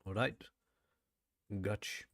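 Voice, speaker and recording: A man's voice: on the low side, steady tone, takes it slowly, gravelly, background noise. Chatty man repeating words aloud. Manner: thinks aloud, repeats words, says "bro" often. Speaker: language learner vlogger. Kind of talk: casual study vlog.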